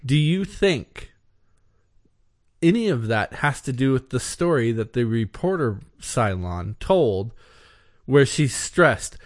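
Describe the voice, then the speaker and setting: Deadpan man trading quips on a podcast. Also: mid-range voice, slow pace. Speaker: podcast co-host. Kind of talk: casual chat.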